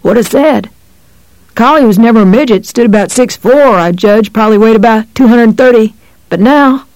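A reader voicing an elderly white-haired country veterinarian who speaks in a calm, serene rural drawl in an audiobook. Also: medium pitch, normal speed, no echo, pitched above the performer's own voice, natural voice, poor audio. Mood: grave. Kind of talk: audiobook character voice.

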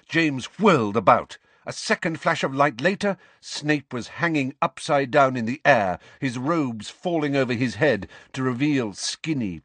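A man narrating an audiobook in an expressive, dramatic way. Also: mid-range voice, dry recording.

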